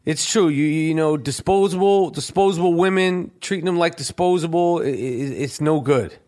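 New dude hosting a podcast, high voice, swearing, laughing a lot. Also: male voice, moderate pace. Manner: animated, profane, laughs a lot. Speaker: podcast host. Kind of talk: casual studio podcast chat. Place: studio.

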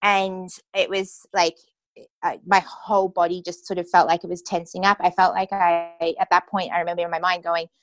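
A woman's voice: lowish voice, level tone, moderate pace, no room sound. Young woman, casual storytelling, lots of fillers, dry close sound. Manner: casual, heavy use of "like" and "you know" fillers. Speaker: interview guest. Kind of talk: personal storytelling.

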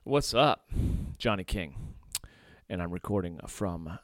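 Low-voiced man hosting a podcast. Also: takes it slowly, no room sound, studio quality. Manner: energetic scripted intro, then relaxed rambling with fillers. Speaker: podcast host and men's coach. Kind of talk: casual podcast monologue. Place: indoors by a window overlooking a beach.

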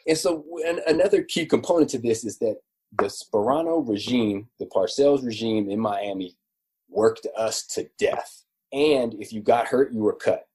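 A man in his forties, a former football player, telling stories in a relaxed, chatty way with many fillers. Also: mid-range voice, moderate pace, husky. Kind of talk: casual storytelling interview.

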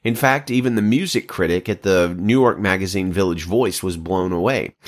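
A man preaching a sermon, reading scripture and retelling stories with emphatic, animated delivery. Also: normal speed. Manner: animated, emphatic preaching with sudden pitch jumps. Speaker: pastor.

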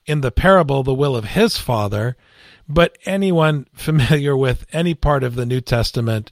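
A man, a priest, teaching scripture in a Bible study discussion, deliberate and emphatic. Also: mid-range voice, expressive, no echo, clean studio sound.

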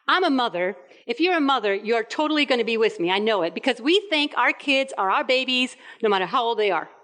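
A woman's voice: a little high, fast talker. A woman in her fifties from Puerto Rico, preaching a sermon and acting out little scenes with quoted voices. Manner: animated storytelling with acted-out quotes.

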